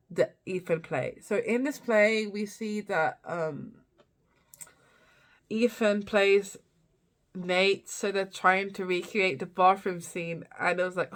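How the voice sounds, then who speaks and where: A woman's voice: lowish voice, a bit bright. A young woman vlogger recapping a TV season in a rambling, casual way, with many fillers and restarts. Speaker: TV review vlogger.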